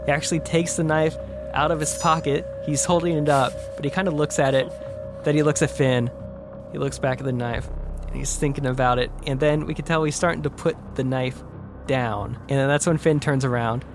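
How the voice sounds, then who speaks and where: A man on a podcast casually retelling a short film idea, acting out the characters' lines with big jumps in voice and hushed whispers. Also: a little high, steady tone, a little fast, over music. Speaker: podcast co-host.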